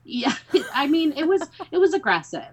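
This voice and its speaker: A woman guest on a podcast telling stories in a dry, unhurried way. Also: high voice, sing-song. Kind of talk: casual storytelling.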